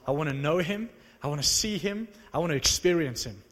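A man preaching to a live audience, telling a story in an animated, conversational, self-mocking way. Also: fairly high pitch, fairly quick. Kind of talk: sermon storytelling. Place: large hall with live audience. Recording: long reverb of a large hall.

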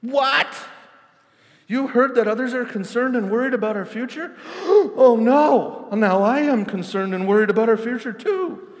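A man voicing a panicky, worried office worker who gasps and talks in high-pitched alarm. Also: moderate pace. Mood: panicked. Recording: long hall reverb.

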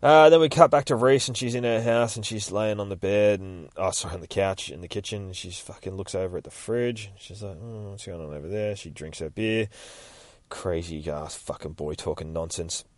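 Male podcast host, low voice, dry sound, loose sweary comic book retelling. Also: normal speed, dry recording. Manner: swears freely and rambles. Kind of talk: casual comic book recap.

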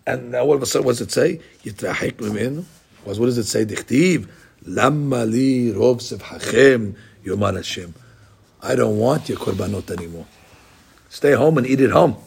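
A man teaching a Talmud class in an animated, repetitive way, dropping Hebrew and Aramaic terms into his speech. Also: medium pitch, normal speed, gravelly, husky. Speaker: Torah teacher.

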